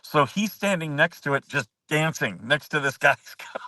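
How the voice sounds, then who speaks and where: Rambling man telling a story, bright voice. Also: medium pitch, moderate pace, no room sound, distant mic, poor audio. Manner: rambling, lots of "like" and restarts. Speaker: show host. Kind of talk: casual storytelling chat.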